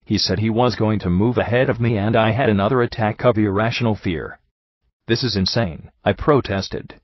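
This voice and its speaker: Low-voiced guy reading a book aloud, steady pace, dry muffled lo-fi recording. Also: no room sound. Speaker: audiobook narrator. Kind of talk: scripted narration.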